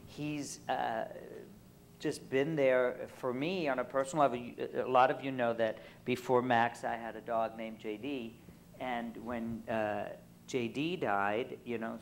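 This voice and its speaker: A man's voice: medium pitch, a little hiss or hum, poor audio. Chatty man on a convention panel. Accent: faint New York. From Brooklyn, New York. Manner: rambling, many fillers and restarts, jokey. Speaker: panel guest. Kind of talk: convention panel Q&A, casual storytelling.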